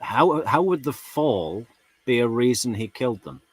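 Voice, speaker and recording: A man's voice: medium pitch, big pitch swings, measured pace, breathy edge, no room sound. A man commenting on a trial in a casual, sarcastic storytelling way, full of rhetorical questions. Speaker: true crime commentator.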